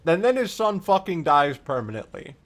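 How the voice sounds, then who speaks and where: A man streaming a joking, profane recap of a video game's story, in a lively, animated way. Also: a little high, moderate pace. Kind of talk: comedic game-lore recap.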